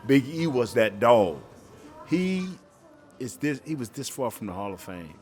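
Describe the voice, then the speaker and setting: A middle-aged man, a podcast guest telling lively stories, acting out quotes and laughing often. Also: mid-range voice, a little slow. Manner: animated storyteller, acts out quotes, laughs often. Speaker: guest, former football player. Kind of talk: storytelling podcast interview.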